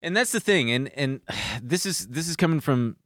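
A man's voice: medium pitch, expressive, moderate pace, a bit bright, no room sound, studio quality. A young man co-hosting a podcast in casual chat, with wry asides, sometimes reading posts aloud. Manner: chatty, reads tweets aloud, wry asides. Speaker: podcast co-host.

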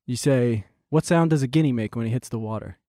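A man's voice: medium pitch, brisk, dark tone, no echo, studio quality. A man from New Jersey co-hosting a podcast, dropping wry asides and bits of trivia. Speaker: podcast co-host. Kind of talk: casual comedic chat.

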